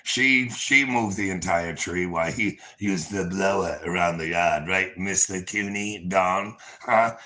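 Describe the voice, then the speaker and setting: A man with a low voice and a hard, forceful edge rants on a livestream. He rambles, swears freely and boasts, breaking into chuckles. He talks straight to the viewers watching. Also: unhurried. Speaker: livestream host.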